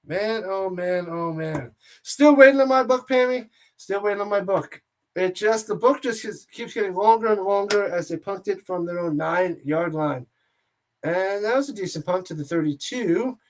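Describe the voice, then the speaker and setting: A man hosting a watch party, giving casual play-by-play commentary in a jokey, excitable way that rambles between plays and shouts on big plays. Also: high voice, normal speed.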